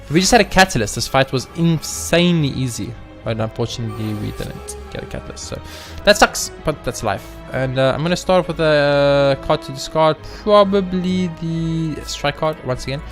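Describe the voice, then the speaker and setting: A man's voice: fairly high pitch, moderate pace, few pauses, soft background music. A man hosting a let's play video, commenting casually on his game, cheering, swearing and talking to the enemies. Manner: excitable, swears, talks to the game. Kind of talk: gaming commentary.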